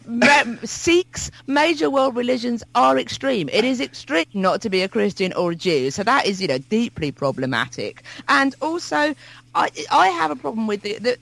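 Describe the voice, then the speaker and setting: A man's voice: very high voice, creaky, a bit bright, low-quality recording. A man co-hosting a podcast, telling a wry story about music in a chatty way, with frequent restarts. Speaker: podcast co-host. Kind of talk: casual chat about music.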